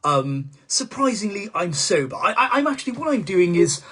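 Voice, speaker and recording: A man's voice: sits high, very animated, normal speed, pushed and bright, husky, exaggerated voice. A male comedian doing a comic impression of a rambling, foul-mouthed male politician in a live-stream monologue, stammering and swearing as he goes.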